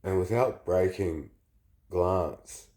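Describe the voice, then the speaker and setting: Aussie guy with the flu, dark mellow voice, talks slow, rambles and stops and starts like he's confessing something. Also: low-pitched. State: sick with the flu. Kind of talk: casual personal storytelling.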